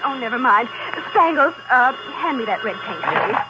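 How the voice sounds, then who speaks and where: Actress as a fluttery motherly Mrs. Claus, high and lively, hissy radio. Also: normal speed, highs cut off, lightly acted. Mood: fussy. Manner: fussy, fluttery, laughing. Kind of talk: 1940s radio acting. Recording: old radio recording with hiss.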